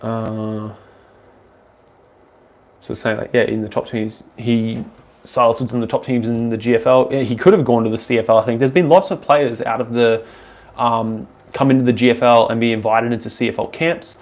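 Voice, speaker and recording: A man's voice: mid-range voice, steady tone, normal speed, a little mellow. A young Australian man with an Australian accent, casually answering viewer questions on a live stream in a loose, rambling way, full of ums and restarts.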